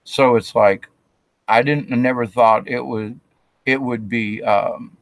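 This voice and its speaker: A man's voice: medium pitch, fairly even intonation, slow, dry recording. A man giving a casual spiritual talk, rambling with restarts and acting out quotes of himself and others.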